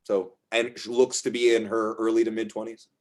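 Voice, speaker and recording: A man's voice: lowish voice, level tone, a little fast. A man narrating as game master, rambling and reaching for words with lots of fillers.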